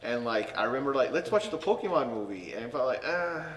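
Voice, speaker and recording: A man who is a guest on a podcast, telling a school story in a relaxed, rambling way. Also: medium pitch, fast talker, reverberant, big-room sound, far from the mic, low-quality recording. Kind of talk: casual storytelling.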